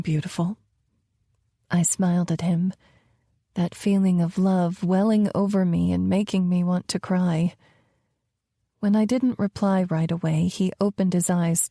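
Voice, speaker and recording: A young woman narrating a romance audiobook in the first person, slow and tender, at times near a whisper. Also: on the low side, warm tone, no echo, studio quality.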